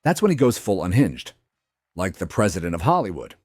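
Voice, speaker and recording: A man's voice: sits low, big pitch swings, a little fast, darkish tone, slightly rough, dry recording, clean studio sound. A man giving scripted, upbeat voice-over links in a video compilation. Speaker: compilation narrator. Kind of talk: scripted narration.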